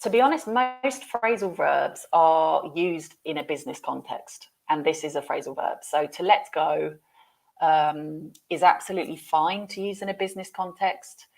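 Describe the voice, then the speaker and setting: A woman's voice: deep voice, moderate pace, vocal fry, darkish tone. A woman teaching business English, explaining phrases patiently.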